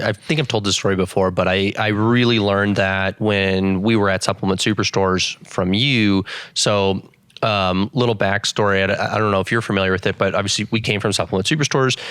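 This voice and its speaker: Low-voiced man hosting a podcast. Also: moderate pace, fairly bright tone, smooth, no room sound. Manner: storytelling, many fillers, playful quoted voices. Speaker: podcast host. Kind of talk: casual podcast chat.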